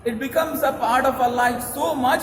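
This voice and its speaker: High-voiced priest preaching in an echoey hall. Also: male voice, fairly even intonation, moderate pace, fairly bright tone, slight background noise. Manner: repetitive, emphatic preaching with Marathi phrases mixed in. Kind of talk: sermon. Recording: echoey hall with long reverb.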